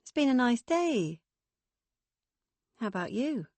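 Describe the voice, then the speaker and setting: A woman's voice: fairly high pitch, sing-song, slow, darkish tone, no room sound, voice pushed up. A woman doing a guarded, careful grown daughter. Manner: careful, restrained. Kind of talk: audiobook character voice.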